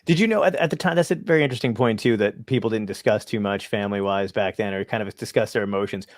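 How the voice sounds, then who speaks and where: A man's voice: fairly low pitch, fast talker, no room sound, clean studio sound. A male host asking chatty, eager follow-up questions in a casual interview. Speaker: podcast host.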